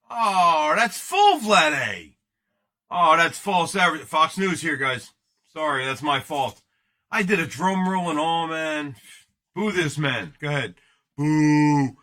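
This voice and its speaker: A man rips open baseball card boxes on a late-night stream, talking high and swinging wildly in pitch. His tone is bright and cutting, and he rambles, jokes and curses between pulls. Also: expressive, slow pace. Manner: loud, joking, rambling, swears often. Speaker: card break host. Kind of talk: casual livestream card break.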